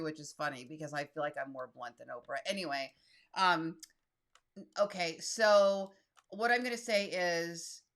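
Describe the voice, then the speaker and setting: A woman in her fifties talks viewers through a tutorial in a casual, blunt voice. Her voice sits a little low, and she reads text aloud as she types it. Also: a bit bright. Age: 50s. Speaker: solo creator and YouTube host. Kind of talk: casual screen-share tutorial.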